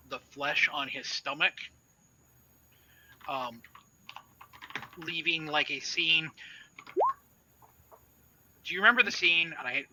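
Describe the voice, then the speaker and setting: A man narrating a tabletop game as game master, with a halting delivery full of fillers. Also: a little high, bright, forceful tone, a little hiss or hum, poor audio.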